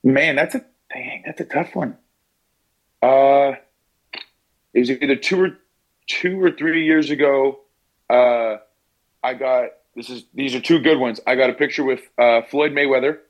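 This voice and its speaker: A man's voice: medium pitch, unhurried, long pauses, highs cut off. A young man from Pennsylvania, a basketball player being interviewed, talking casually and at length with fillers, restarts and little voices for the people in his stories. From Pennsylvania, USA. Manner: chatty storyteller, fillers and restarts, mimics people in quotes.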